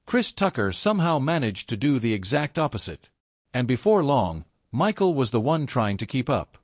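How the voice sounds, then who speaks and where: Male narrator, scripted voice-over, dry close sound, expressive pitch. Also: normal speed, no room sound.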